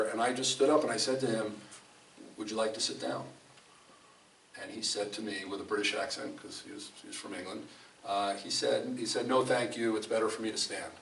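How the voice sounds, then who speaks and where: With a creaky, mid-range voice, this preacher tells stories in a conversational sermon, emphatic and frequently starting his sentences over. The fellowship hall sounds echoey, recorded from afar with faint room noise.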